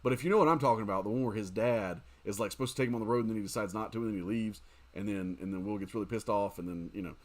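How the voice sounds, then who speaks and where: Fairly low-pitched but talking very fast, a man streams a mobile game and chats casually with his audience. He's animated throughout and uses plenty of fillers like "um" and "dude."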